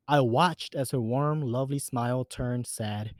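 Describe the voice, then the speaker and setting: A man's voice: medium pitch, a little slow, dry recording. A man reading a first-person horror story in an earnest, emphatic way. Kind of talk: scripted narration of a horror story.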